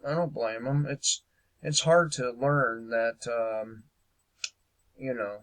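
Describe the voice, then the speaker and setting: A man's voice: medium pitch, fairly even intonation, takes it slowly, low-quality recording. A man hosting a casual political commentary show, speaking hesitantly with lots of fillers and a sarcastic edge.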